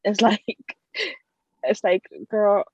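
A woman's voice: medium pitch, animated, brisk, dry recording. Blunt woman chatting casually and cursing freely, dry, muffled lo-fi sound. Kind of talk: casual chat.

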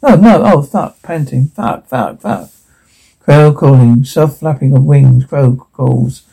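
A husky panicked man alone in the wild. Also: a little high, unhurried, dark tone, full character voice. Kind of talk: film drama acting.

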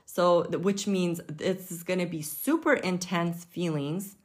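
Chatty woman, slightly low voice. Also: steady tone, a little slow. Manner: chatty and informal, with frequent fillers and light laughs. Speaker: podcast host. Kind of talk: casual health podcast monologue.

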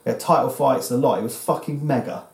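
A man's voice: medium pitch, fast, creaky, roomy sound. A man in his thirties with an English accent, telling a rambling, sweary story on a casual podcast. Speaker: podcast co-host.

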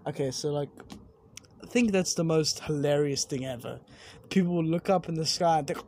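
A young adult vlogger wanders through casual talk outside at night above a view of buildings, often swearing and cutting off mid-word to correct. The mid-range voice is mellow at a moderate pace, with slight background noise.

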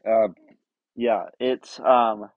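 Man, podcast host, rambling, self-deprecating, slow, muffled lo-fi sound. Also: fairly low pitch, fairly even intonation, no room sound. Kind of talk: casual chat.

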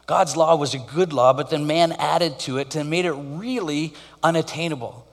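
A man's voice: fairly high pitch, moderate pace. Man preaching in a reverberant hall. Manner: conversational preaching with animated storytelling. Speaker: pastor. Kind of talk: sermon.

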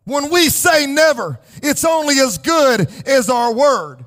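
A male pastor delivering an impassioned sermon, rising into shouts and sung, chanting cadences. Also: extremely high pitch, expressive, slow. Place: church sanctuary.

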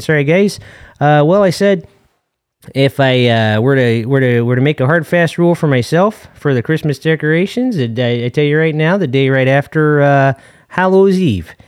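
A man's voice: fairly high pitch, darkish tone, dry recording, clean studio sound, natural voice. A man playing a long-winded, folksy dad calling in to a comedy podcast, rambling with fillers and corny jokes. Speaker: caller. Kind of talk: comedic call-in character bit.

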